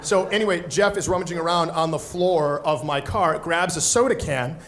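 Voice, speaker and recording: A man's voice: on the high side, normal speed, noisy background. A man doing stand-up, telling a story with energy and acting out the other people in it. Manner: animated, acts out other people's voices. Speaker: stand-up comedian.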